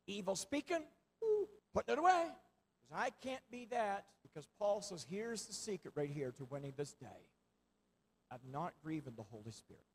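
High-voiced husky preacher man. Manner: fervent, swinging from quiet asides to loud preaching. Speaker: pastor. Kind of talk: sermon.

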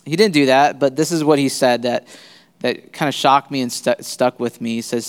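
A man giving a sermon as a visiting pastor in a church, speaking haltingly with many fillers and restarts. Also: mid-range voice, clean tone, long reverb tail. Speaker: guest pastor. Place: church sanctuary.

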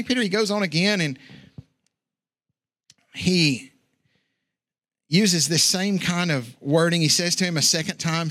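Impassioned preaching man, bright voice. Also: a little slow, pauses often, dry recording, clean studio sound. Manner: impassioned preaching, swings from loud and high to low and hushed; casual asides like "man" and "dudes". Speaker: pastor. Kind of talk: sermon.

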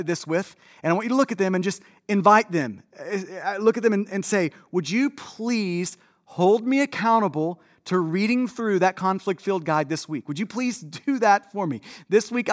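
A man preaching a sermon as a pastor, earnest and repeating phrases for emphasis, moving between quick asides and slow emphatic lines. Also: sits high, fairly bright tone.

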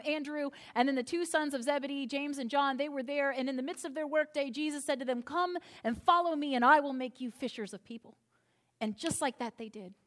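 A woman's voice: high voice, a bit bright. A woman pastor giving a sermon, telling a story with humor and acting out its voices.

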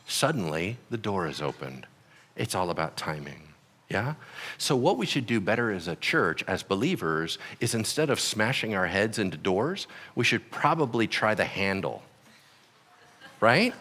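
A man's voice: on the low side, measured pace, long pauses, in a large hall. A man preaching a sermon as pastor, acting out quotes in voices. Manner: animated, acts out quotes and voices. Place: church hall.

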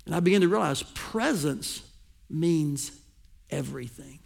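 A man preaching a sermon to his congregation as pastor, swinging between loud emphasis and hushed, intimate asides. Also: a little high, expressive, a little slow, gravelly.

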